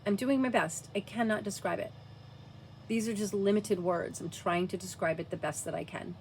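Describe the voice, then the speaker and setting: A woman telling a personal story to camera, earnest and halting, dropping to a hushed near-whisper at times. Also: mid-range voice, a little hiss or hum. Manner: earnest, frequent "like" fillers.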